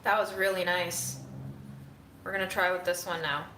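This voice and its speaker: A woman's voice: on the low side, steady tone, moderate pace, bright, forceful tone, reverberant, slight background noise, rough recording. A woman hosting a casual livestream from home, chatting and ranting to her viewers. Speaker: livestream host.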